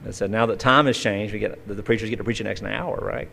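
A man's voice: fairly low pitch, fast talker, vocal fry, sharp tone, a little hiss or hum. Folksy male preacher, conversational sermon. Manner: folksy storytelling with vivid acted-out asides. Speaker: pastor.

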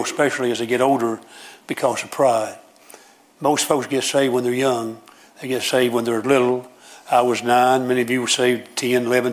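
A man's voice: medium pitch, poor audio. A middle-aged man preaching a sermon, telling a story in an earnest, conversational way as a pastor.

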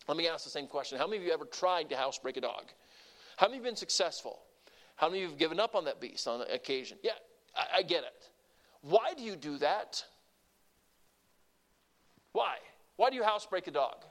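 A married man preaching a sermon in a conversational style, asking his congregation questions and shifting his loudness and pace for emphasis. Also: a little high. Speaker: pastor.

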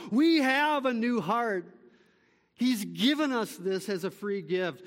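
Male pastor, emphatic sermon delivery in a reverberant church hall. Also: very high-pitched. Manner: emphatic preaching, rising to calls then dropping to quiet, slow summaries.

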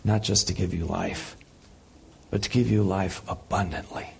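A man preaching a sermon, impassioned, swinging between loud peaks and soft, quiet passages. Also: sits low, fairly even intonation, normal speed, gravelly, breathy edge. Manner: impassioned, rising loud then dropping soft. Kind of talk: sermon teaching.

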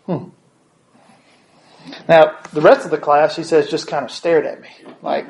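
Man preaching, voice a bit high. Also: steady tone, a little slow, vocal fry, pauses often, darkish tone. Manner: retells a story with many restarts and tag questions. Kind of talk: sermon storytelling.

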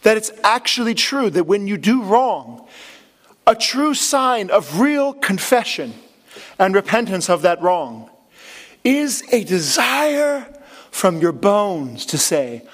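A man preaching a sermon in an earnest, impassioned way, with dramatic pauses. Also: high voice, very animated, a bit bright. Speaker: pastor.

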